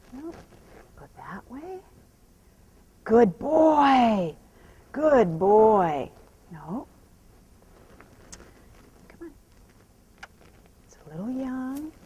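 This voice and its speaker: A woman horse trainer talking out loud while she rides, softly praising the horse and explaining each step. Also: lowish voice, a little hiss or hum, rough recording. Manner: soothing praise to the horse, mixed with quiet running explanation. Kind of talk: narrating while riding.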